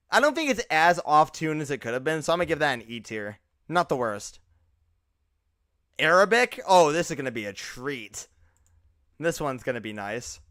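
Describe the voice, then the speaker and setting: A male streamer chats through his live reaction commentary in a lively, animated way, his pitch leaping up and down. His voice is bright and a little high for a man, and it sits close and dry on the mic with no room sound. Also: no echo. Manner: animated, chatty reactions with loose filler words.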